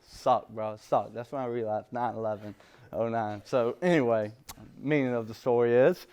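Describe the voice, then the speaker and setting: A man's voice: medium pitch, expressive, a little slow, long pauses. A man telling his recovery story in a rambling, casual way, full of street slang. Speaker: recovery speaker. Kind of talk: personal recovery talk.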